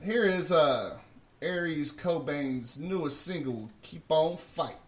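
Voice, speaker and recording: A man's voice: fairly high pitch, slow, distant mic. A man hosting a morning show in casual, profane chat, laughing often at his own jokes. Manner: swears freely, laughs often at himself.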